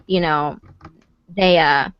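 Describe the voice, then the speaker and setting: Woman caller, casual, animated storyteller with lots of fillers; muffled, dry recording. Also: deep voice, slow, clean tone, no room sound. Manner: animated, acts out quoted voices, many fillers.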